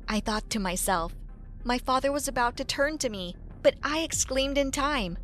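A young woman tells a first-person story with lively, expressive delivery. Her voice is bright and a little high. Quiet music plays beneath the narration. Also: moderate pace.

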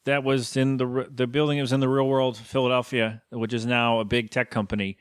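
Man, podcast co-host, mid-pitched voice, casual rambling recap, restarts mid-sentence, dry close mic. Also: little pitch movement, a little fast, clear, resonant tone, no echo. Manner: rambling, self-interrupting storytelling. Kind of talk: casual chat, recapping a cartoon episode.

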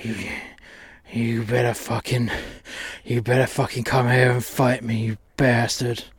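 A man's voice: mid-range voice, flat delivery, a little slow, husky, no echo, studio quality. A man playing an angry, vengeful father in a wheelchair who swears and makes threats. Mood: furious.

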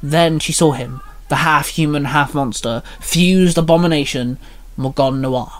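A man reading a short fan story aloud in a plain, steady narration. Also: a little high, measured pace, dry recording.

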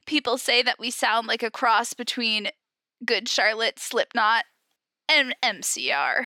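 A woman's voice: on the high side, a little slow, bright, forceful tone, no room sound. A young woman co-hosting a podcast, reading fan fiction aloud in a comic, dramatic way and often breaking into giggles.

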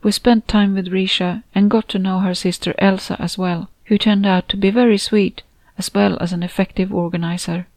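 A woman reading her own story aloud in a measured, steady storytelling voice. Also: mid-range voice, no echo. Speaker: author and narrator. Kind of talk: audiobook narration.

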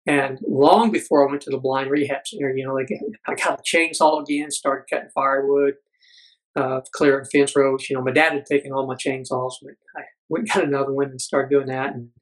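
A middle-aged man, a podcast guest, telling a personal story earnestly, halting with many fillers. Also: medium pitch, fairly even intonation, poor audio.

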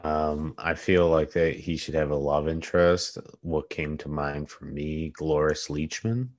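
A man co-hosting a podcast, rambling and joking in casual chat, often trailing off quietly. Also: extremely low pitch, measured pace, dry recording. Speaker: podcast co-host.

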